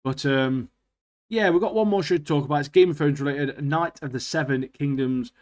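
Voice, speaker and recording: A man co-hosting a podcast in easy, profane chat. His voice sits a little high for a man, and he rants with lively energy and frequent laughs. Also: fairly quick. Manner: animated ranting, laughs often, swears freely. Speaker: podcast co-host. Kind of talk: casual chat.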